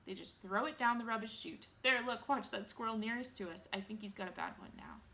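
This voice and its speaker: A woman voicing an eccentric, excitable male chocolate maker in a storybook reading, brisk and insistent. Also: a little high, heavily acted. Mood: explaining.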